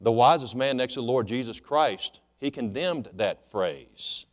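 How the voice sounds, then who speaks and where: A male pastor preaching a sermon in an animated way, swinging between loud exclamations and hushed asides. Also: mid-range voice, measured pace. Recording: long hall reverb.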